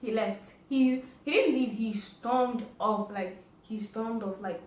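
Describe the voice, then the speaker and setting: A woman's voice: on the high side, takes it slowly, darkish tone, far from the mic. A woman telling a story in a casual vlog, chatty and acting out the dialogue. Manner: chatty, acts out quoted dialogue. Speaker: vlogger. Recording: roomy echo, faint background noise.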